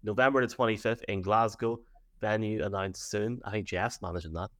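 An Irish man with a fairly low voice, co-hosting a laid-back chat show. He reads out listener messages and tells loose stories, laughing easily along the way. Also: steady tone, a little fast, fairly bright tone. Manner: chatty, laughs easily while telling stories. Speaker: co-host reading listener messages. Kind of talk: casual chat.

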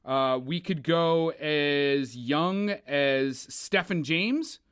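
Podcast co-host, male, higher voice, blunt and expressive film critic. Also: drawn-out words, clear, resonant tone. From Canada. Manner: opinionated, animated, swears, mocks with put-on voices. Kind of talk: casual film review chat.

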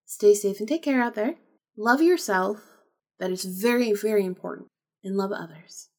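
A woman hosting her own podcast in a candid, conversational way. She leans on repetition for emphasis and drops the occasional swear word, her pitch sitting in an ordinary middle range. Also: moderate pace. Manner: candid, emphatic, repeats phrases, swears freely. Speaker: podcast host. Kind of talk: casual personal storytelling.

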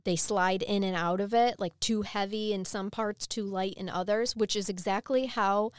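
A woman's voice: medium pitch, moderate pace, clean tone, no echo, clean studio sound. Chatty woman telling a true-crime story. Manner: chatty, animated, laughs often. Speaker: podcast co-host.

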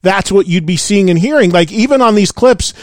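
Excited high-voiced male radio host. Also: brisk, no room sound, clean studio sound. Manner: enthusiastic fan, animated storyteller. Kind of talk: casual interview chat.

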